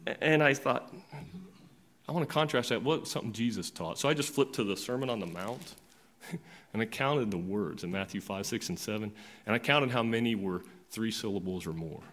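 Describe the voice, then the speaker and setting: A man preaching a sermon in a conversational way, repeating words and restarting often, getting loud on some points and dropping quiet on others. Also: lowish voice. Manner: conversational preaching, swinging between loud emphatic and quiet asides. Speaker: pastor.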